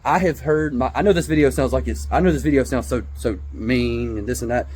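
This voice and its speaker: A man's voice: medium pitch, brisk, a little mellow, slightly rough. A man, ranting casually to camera about rival football fans, stammering and restarting often. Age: 20s. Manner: heated, repetitive, stammering restarts, mocking put-on voices. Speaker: vlogger, Georgia football fan.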